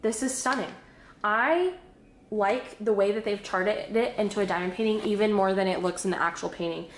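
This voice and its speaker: A woman chatting casually and excitedly while unboxing crafts, a little out of breath, bubbly and giggly. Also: mid-range voice, moderate pace, reverberant, a little hiss or hum. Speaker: craft vlogger.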